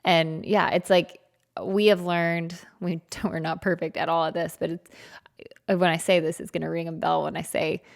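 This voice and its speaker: A woman in her thirties co-hosting a podcast with her husband, chatty and quick to chime in with agreement. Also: fairly low pitch, level tone, creaky. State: pregnant. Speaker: podcast co-host. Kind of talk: casual podcast chat.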